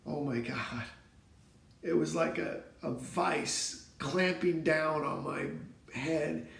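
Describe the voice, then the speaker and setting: Brief: 40s man, higher gravelly voice, earnest emotional personal story, roomy echo. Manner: earnest, emotional, halting with repeated words. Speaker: vlogger telling his own story.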